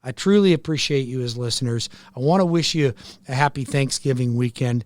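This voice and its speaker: A man's voice: mid-range voice, brisk, darkish tone, no echo. An older American man hosting a radio show, talking in an earnest, folksy way and often repeating his phrases. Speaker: radio show host and mortgage lender. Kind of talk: talk radio monologue. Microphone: studio microphone.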